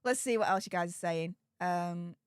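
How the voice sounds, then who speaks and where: A woman's voice: fairly low pitch, moderate pace, clean tone, no echo, studio quality. A woman hosting a casual live stream, chatting and reading out viewer comments, laughing often and repeating herself. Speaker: livestream host.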